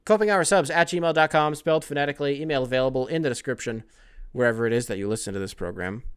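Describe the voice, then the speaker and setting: His mid-range voice is clear and resonant, and he speaks at a quick pace. The young man hosts a casual sports podcast, animatedly rambling between subjects and swearing frequently.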